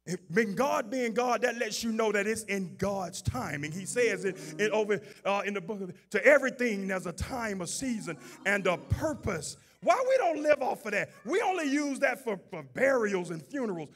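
Gravelly high-voiced male preacher. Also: lively intonation, normal speed, few pauses, soft background music. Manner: rises from low talk to shouted preaching. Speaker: pastor. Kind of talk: sermon.

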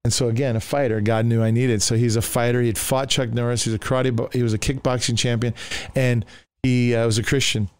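In a dry recording, this middle-aged man speaks quickly and smoothly in a mid-range voice. He's a pastor recounting his testimony conversationally, animatedly voicing the people who appear in it.

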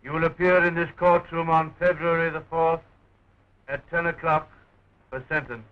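An actor playing a courtroom judge who makes a slow, formal pronouncement, from a dull old film soundtrack. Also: male voice, on the high side, little pitch movement, natural voice. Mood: solemn.

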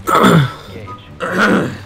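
A man's voice: high voice, animated, drawn-out words, creaky, pushed and bright, faint music behind. A young man chatting casually while playing a game with a friend, dry and crude in his jokes. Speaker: co-player. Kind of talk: casual gaming chat.

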